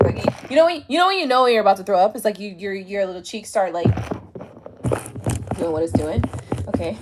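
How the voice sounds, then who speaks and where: A woman's voice: mid-range voice, sing-song, brisk, long pauses, background noise. A woman hosting a tarot live stream, talking casually and bluntly with lots of profanity, a little drunk, lying down at home and speaking into her tablet's mic. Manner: blunt, profane, chatty, laughs often. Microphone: tablet camera mic.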